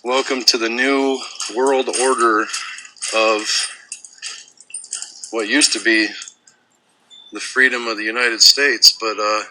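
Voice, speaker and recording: A man's voice: mid-range voice, fairly even intonation, slow pace, pauses often, pushed and bright, low-quality recording. A man filming himself inside a store on a phone, ranting furiously and sarcastically, swearing often. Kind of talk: angry ranting phone video.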